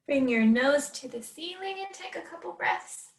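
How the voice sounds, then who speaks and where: Gentle woman instructor for kids yoga, high pitched, slightly off mic. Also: lively intonation, moderate pace, distant mic. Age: adult. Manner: gentle, encouraging, talks to a child.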